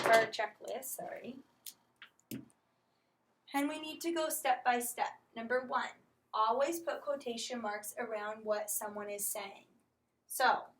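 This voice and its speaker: Woman teacher, fairly high voice, slow and methodical walkthrough. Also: a bit bright, rough recording. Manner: slow, step-by-step explaining, apologizes for slips. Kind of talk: recorded classroom lesson.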